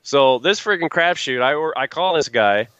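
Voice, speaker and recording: A man's voice: fairly high pitch, expressive, moderate pace, a bit bright, clear, resonant tone, lo-fi sound. A man chatting casually as a guest, rambling through stories and acting out what people said. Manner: rambling storyteller acting out quotes. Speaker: guest truck builder. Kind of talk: casual chat.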